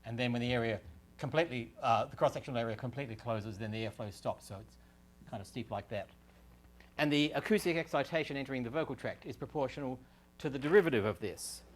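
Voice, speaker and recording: Man, research scientist, lecture-room talk, explanatory, restarts and fillers, middle pitch. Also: quick pace. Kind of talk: university lecture.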